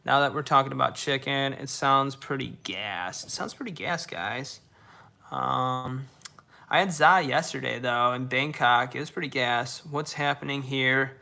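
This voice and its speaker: A young man streaming from a dark room, chatting with viewers in a relaxed, slang-heavy way and echoing his own words. His voice has a gravelly edge with a bright, forward tone. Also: mid-range voice, unhurried. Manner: laid-back slangy, repeats himself. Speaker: livestreamer reading chat. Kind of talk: casual live stream chat.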